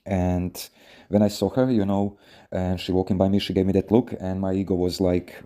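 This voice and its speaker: Guy, really deep mellow voice, rambling podcast advice full of you know and swearing. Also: level tone, normal speed. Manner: rambling, many fillers, frequent swearing. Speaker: podcast host. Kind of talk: casual storytelling advice podcast.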